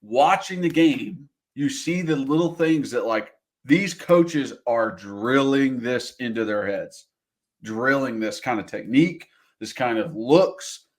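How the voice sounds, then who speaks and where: A man's voice: mid-range voice, animated, takes it slowly. A man co-hosting a podcast, making his points emphatically and repeating phrases for stress. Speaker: podcast co-host. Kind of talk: casual sports chat.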